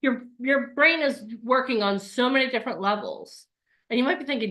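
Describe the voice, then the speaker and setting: A woman in her forties, a coach giving a lively live online workshop and acting out voices. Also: on the high side, a little fast. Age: 40s.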